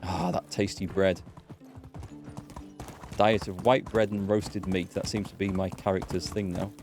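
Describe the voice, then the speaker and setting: A man from North Yorkshire with a fairly low voice, carrying his natural accent. He chats loosely through a live gameplay stream and turns to answer questions from his viewers. Faint game music plays underneath. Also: little pitch movement, unhurried, darkish tone. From North Yorkshire, England. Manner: chatty, answering viewers' chat between game actions. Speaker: let's play streamer.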